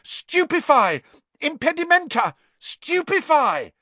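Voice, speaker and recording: Brief: man doing a hurt teenage wizard, high strained voice, snappish and breathless, dry close sound. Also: very animated, normal speed, husky, no echo, heavily acted. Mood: yelling spells. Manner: shouting spells, panting and irritable. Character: teenage boy wizard, injured, stubborn.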